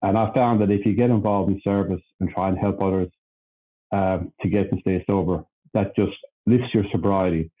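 Low-voiced Irish man telling his story. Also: fairly even intonation, normal speed, highs cut off. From Ireland. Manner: plainspoken, self-deprecating, laughs at himself. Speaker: podcast guest. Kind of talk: candid storytelling chat.

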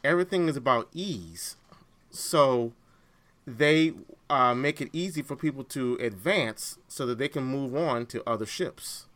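A man co-hosting a podcast in casual chat, animated and laughing often, restarting his sentences as he goes. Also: medium pitch, a little slow. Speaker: podcast co-host.

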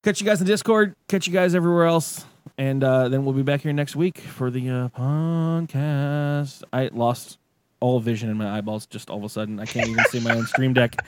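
A man's voice: mid-range voice, steady tone, moderate pace, slight background noise. A man hosting a casual podcast, rambling, swearing and laughing often. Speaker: podcast host.

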